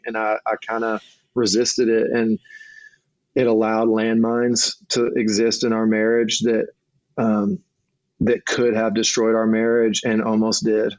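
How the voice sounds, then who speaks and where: A man's voice: on the low side, completely flat delivery, a little slow, darkish tone, dry recording. A middle-aged man, a marriage coach and guest, talking earnestly in a casual conversation with frequent restarts, on a dull lo-fi recording.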